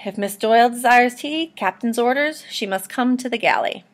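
A woman reading the lines of a courteous old male ship's cook with a soft, sweet manner, as she reads a novel aloud. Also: on the high side, normal speed, natural voice.

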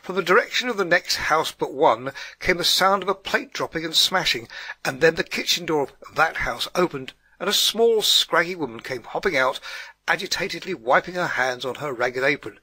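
Man, husky voice, bright tone, storybook narration, dry. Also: a little high, moderate pace, dry recording. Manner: steady storytelling read. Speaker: audiobook narrator. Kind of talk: scripted narration.

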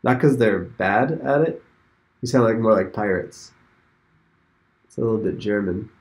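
A man's voice: lowish voice, unhurried, darkish tone. A man hosting a casual online game session, thinking aloud and hesitating over his moves. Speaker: host. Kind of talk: casual commentary while playing an online game.

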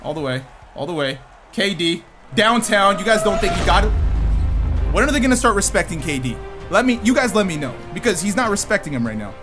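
Excitable high-voiced man calling gameplay. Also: fairly quick, over music. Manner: excitable, talks to himself and viewers, sudden shouts. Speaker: gaming YouTuber. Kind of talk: live gameplay commentary.

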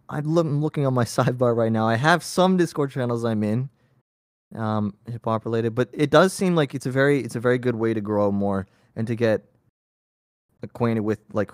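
A man's voice: medium pitch, moderate pace, no room sound, studio quality. A young man from Toronto, a guest rapper on a casual podcast call, easygoing and a little hesitant as he talks. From Canada, Toronto. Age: young adult. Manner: easygoing, laid-back, a bit hesitant.

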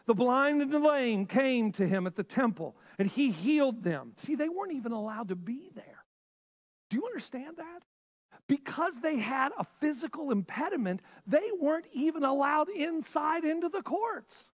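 A male pastor preaching a sermon with passion, swinging between loud bursts and hushed lines. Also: extremely high pitch, sing-song, normal speed.

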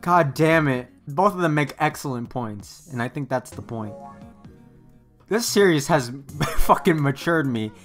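Low-voiced laughing anime reaction host. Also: female voice, lively intonation, soft background music. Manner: laughing, swearing, halting restarts. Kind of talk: casual reaction commentary.

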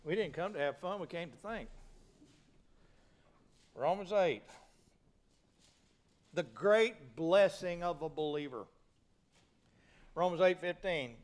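Folksy preacher man, higher voice. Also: slow, pauses often. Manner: folksy, plain-spoken, asks the congregation rhetorical questions. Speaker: pastor. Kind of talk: sermon.

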